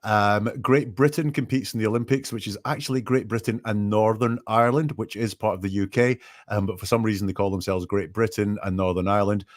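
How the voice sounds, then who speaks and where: A man's voice: lowish voice, fairly even intonation, fairly quick, few pauses. A man with a Scottish accent, a guest on a live stream, explaining things in a friendly way with many fillers. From Scotland. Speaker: guest commentator. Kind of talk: casual live-stream chat.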